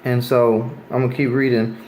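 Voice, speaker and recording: Man, bible teacher, emphatic sermon, rhetorical questions, medium-pitched voice. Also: flat delivery, normal speed, darkish tone, slight background noise, poor audio. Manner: emphatic, rhetorical questions, reads verses aloud with rising emphasis.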